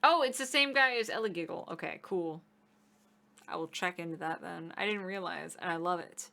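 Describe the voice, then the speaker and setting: A woman streamer chatting casually and jokingly over gameplay, quick to get excited. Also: fairly low pitch, creaky.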